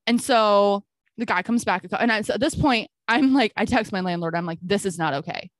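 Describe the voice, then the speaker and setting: A woman's voice: mid-range voice, fairly quick, no echo. A woman co-hosting a podcast, telling a story in casual chat and acting out the back-and-forth of a conversation. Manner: animated storytelling, acting out quoted exchanges with frequent "I'm like". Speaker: podcast co-host.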